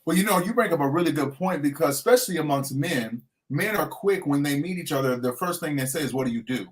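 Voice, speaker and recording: A man's voice: fairly high pitch, expressive, fast talker. A middle-aged man, a transformation coach, talking earnestly in an inspirational interview and repeating his key phrases like a preacher.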